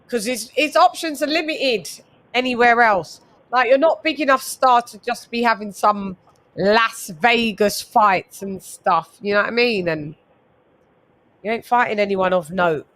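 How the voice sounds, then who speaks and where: A woman's voice: on the high side, measured pace, fairly bright tone. A woman hosting a casual boxing livestream, chatting with guests and greeting viewers from the chat. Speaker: host.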